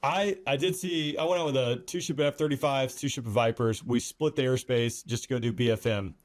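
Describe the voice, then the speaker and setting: A man's voice: medium pitch, brisk. A man hosting a podcast who is a former fighter pilot, chatting casually and trading his own flying stories. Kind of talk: casual interview chat.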